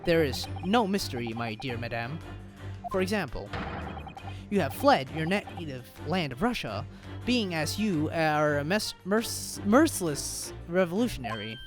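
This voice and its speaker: Casting: eccentric, smug British gentleman detective voiced by a woman in a shaky put-on British accent, lower register, with swooping, lively inflection. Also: measured pace, over music. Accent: attempted British. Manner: theatrical, stumbling over words. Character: eccentric male British detective, grandly confident.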